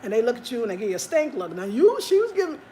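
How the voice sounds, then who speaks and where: Brief: candid, animated woman livestreamer, a bit high-pitched, faint background hum. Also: rapid-fire. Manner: candid, animated, talks straight to viewers. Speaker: livestream host. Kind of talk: casual chat reading viewer comments. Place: home in Ghana.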